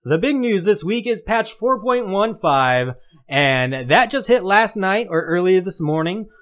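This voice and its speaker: A man's voice: high voice, big pitch swings, unhurried, fairly bright tone. A man hosting a casual weekly gaming podcast, joking and poking fun at himself. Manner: playful, self-mocking. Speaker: podcast host.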